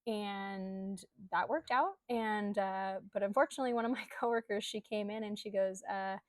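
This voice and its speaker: A woman's voice: medium pitch, moderate pace, no echo. Candid woman telling her own story. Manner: candid, conversational, with frequent um and like. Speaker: coach. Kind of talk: personal storytelling vlog.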